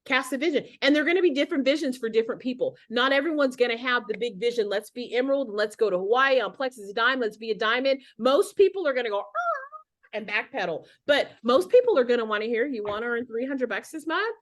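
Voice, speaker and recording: A woman's voice: fairly high pitch, quick pace, hardly any pauses. A middle-aged woman giving a casual motivational talk on a video call as a guest speaker, chatty and rambling with many restarts.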